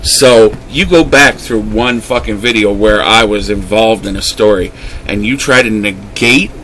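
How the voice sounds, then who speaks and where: A man's voice: fairly low pitch, measured pace, fairly bright tone, a little hiss or hum, poor audio. A man vlogger delivering an angry, emotional rant to camera, swearing heavily as his voice rises and drops. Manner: heated, swearing, voice rising and dropping.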